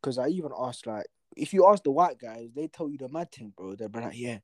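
A young man, co-hosting a casual podcast chat and telling animated stories full of slang. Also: medium pitch, fairly quick, dry recording. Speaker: podcast co-host.

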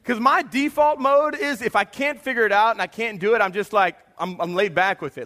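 A man, preaching a sermon with animated bursts and hushed confessional moments. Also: high voice, fairly quick, hardly any pauses. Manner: animated preaching, drops to a quiet hush for confessions. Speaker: pastor.

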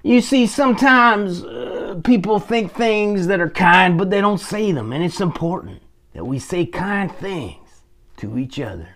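Male kids' storyteller, playful, slow and sing-song with a bouncing pitch. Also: expressive, fairly bright tone. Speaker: children's storyteller persona. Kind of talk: goofy kids' storytelling to a cactus.

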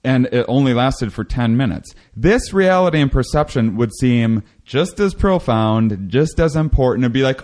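A man talking casually in a rambling way, with many restarts, who acts out quotes in a high excited voice. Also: moderate pace, hardly any pauses. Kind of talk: casual conversation.

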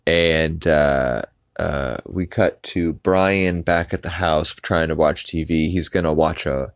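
A man's voice: very deep voice, no room sound, studio quality. A man hosting a podcast, casually recapping a cartoon episode with lots of fillers and restarts. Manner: rambling with many filler "uh"s. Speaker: podcast host.

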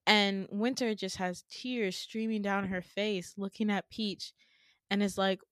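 A young woman retells a dream in a casual, animated podcast voice, swearing freely with cheeky asides. Her pitch sits mid-range. The sound is dry and close with no room. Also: unhurried, no echo. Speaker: podcast host. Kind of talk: casual storytelling.

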